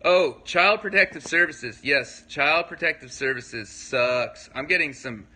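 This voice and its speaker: Livestream host, male, very bright and fairly high voice, loose rambling delivery, constant "okay?" check-ins. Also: a little slow, poor audio. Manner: rambling, filler-heavy, keeps checking in with listeners. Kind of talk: casual livestream talk, answering viewer comments.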